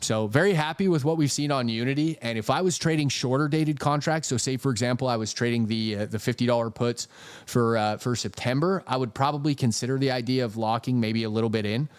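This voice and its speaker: A man's voice: mid-range voice, quick pace, smooth. A man hosting a live stream, talking casually through stock charts and reading viewer super chats, swearing freely. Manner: profane, jokey, reads super chats aloud.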